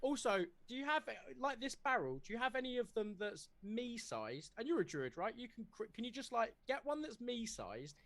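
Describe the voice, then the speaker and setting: A man's voice: very high voice, big pitch swings, normal speed, hardly any pauses, fairly bright tone. A man playing a tabletop game in character, brash, demanding and joking. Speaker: player.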